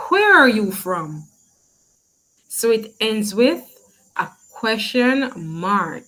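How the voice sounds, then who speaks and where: A woman's voice: mid-range voice, sing-song, pushed and bright, poor audio. A woman teaching a grammar lesson, asking questions and praising the class often. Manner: slow, encouraging, asks questions and praises.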